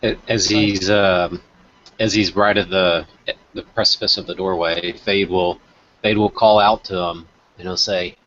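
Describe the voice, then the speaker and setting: A man playing a tabletop game, describing his character's actions in a halting way. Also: low voice, steady tone, a bit bright, lo-fi sound. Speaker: player. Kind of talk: casual tabletop play.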